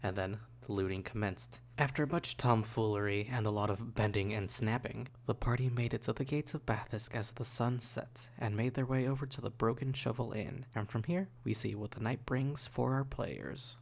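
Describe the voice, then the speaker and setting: A man's voice: fairly low pitch, creaky. A man narrating as game master for a tabletop game, describing scenes with many fillers and restarts. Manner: halting, filler-heavy description.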